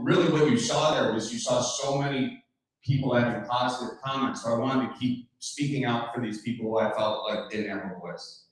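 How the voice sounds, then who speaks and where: A man addresses a community meeting in a casual, joking way, wandering into anecdotes. His voice sits at an ordinary middle pitch. It rings through a very echoey hall and sounds well away from the microphone. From Wisconsin. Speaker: public speaker at a community meeting. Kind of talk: casual public talk with jokes. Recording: very echoey hall, voice far from mic.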